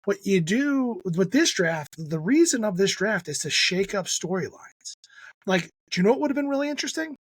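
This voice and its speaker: A man co-hosting a podcast, talking sports and wrestling in a lively, joking way. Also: high-pitched, normal speed, breathy edge, dry recording. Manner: animated, jokey wrestling fan talk. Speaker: podcast co-host. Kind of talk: casual chat.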